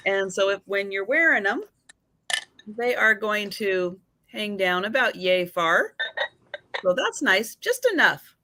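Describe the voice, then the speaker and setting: A woman's voice: medium pitch, takes it slowly, bright, forceful tone, dry recording. A woman hosting a live vintage sale, describing items carefully and greeting viewers by name in a casual chat.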